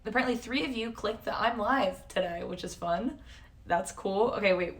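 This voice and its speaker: A woman's voice: mid-range voice, normal speed. A woman in her twenties chatting casually on a live stream, answering chat and swearing now and then. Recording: voice somewhat distant from the mic.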